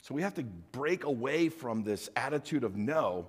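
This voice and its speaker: An older man preaching a sermon as a pastor, talking conversationally with animated rhetorical questions. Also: medium pitch, moderate pace, breathy edge, long reverb tail.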